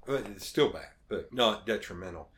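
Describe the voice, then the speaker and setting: A man's voice: lowish voice, lively intonation, moderate pace, a bit bright, a little hiss or hum. A man telling casual stories as a podcast guest, acting out the voices he quotes and swearing freely. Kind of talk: casual storytelling.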